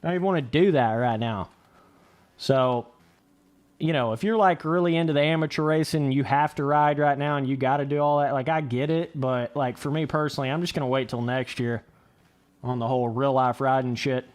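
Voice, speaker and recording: A man's voice: medium pitch, steady tone, a little fast. A young man giving casual, rambling livestream commentary while playing a game, swearing freely. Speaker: gaming livestreamer.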